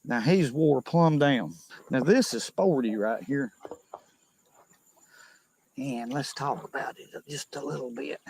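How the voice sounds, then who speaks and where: A man's voice: medium pitch, takes it slowly, creaky, long pauses, a little mellow, slight background noise. A man with a thick Southern accent narrating a fishing video, folksy as he shows off his catch.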